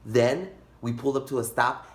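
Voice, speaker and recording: A young man telling a comic story in a vlog, animated and dramatic, jumping into high squeals. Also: moderate pace. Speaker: vlogger. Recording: echoey room.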